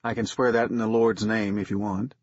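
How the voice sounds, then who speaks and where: An older, careful survivor, voiced by a man narrating a story, talks in measured, earnest phrases. His voice is husky and sits at a middle pitch. The sound is dry and somewhat muffled. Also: flat delivery, a little mellow, no room sound, lightly acted. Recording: dull, muffled recording.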